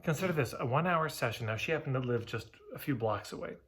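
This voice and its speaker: A man with a husky, slightly breathy voice talks straight to camera, sharing marketing advice. His delivery is candid and conversational, with emphatic stresses. His pitch sits in an ordinary middle range. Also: expressive, fast talker, fairly bright tone. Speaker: marketing coach. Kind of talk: casual advice talk to camera.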